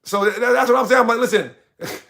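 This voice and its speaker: A man's voice: extremely high pitch, quick pace, vocal fry, sharp tone. A young man hosting a livestream, talking passionately and ranting straight to his chat. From United States. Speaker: livestream host. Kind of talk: heated livestream commentary.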